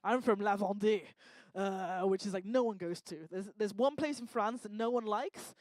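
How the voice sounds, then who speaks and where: A woman doing lively, teasing crowd work on a live talk stage, speaking into a handheld microphone. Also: mid-range voice, no echo. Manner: energetic, teasing, bossy and quick to joke. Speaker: stage performer working the crowd.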